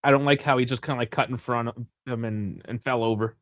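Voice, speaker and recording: A young man hosts a live football watch-along, chatty and rambling, with a medium-pitched, steady voice at a fast pace and no echo. He swears freely and bursts into shouts whenever a big chance comes.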